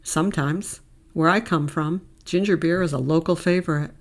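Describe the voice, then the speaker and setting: A woman's voice: low voice, moderate pace. A woman voicing an easygoing Australian man who banters and jokes. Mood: friendly, joking.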